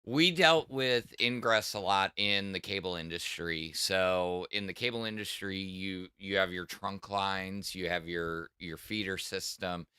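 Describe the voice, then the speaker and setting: A man's voice: sits low, unhurried, hardly any pauses, pushed and bright, smooth, no room sound, clean studio sound. A middle-aged man with a Southern US accent, chatting on a livestream and explaining technical things in a rambling way, full of restarts. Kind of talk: casual livestream chat.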